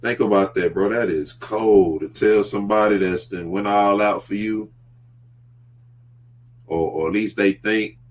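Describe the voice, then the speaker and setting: A man hosting a casual talk show about faith, speaking earnestly and deliberately. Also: on the low side. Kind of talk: casual religious discussion.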